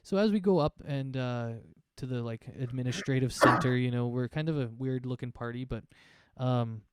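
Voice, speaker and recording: A man acting as game master, narrating a tabletop game in a relaxed, rambling way with many fillers. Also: medium pitch, moderate pace, clear, resonant tone.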